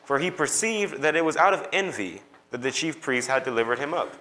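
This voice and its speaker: A man giving a measured, expressive public scripture reading in a church. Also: fairly high pitch, soft background music, low-quality recording. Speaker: scripture reader.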